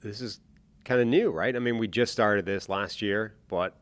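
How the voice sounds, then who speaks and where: A man's voice: on the low side, normal speed. A man co-hosting a sports podcast, trading dry, teasing one-liners in casual chat. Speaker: podcast co-host. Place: podcast studio.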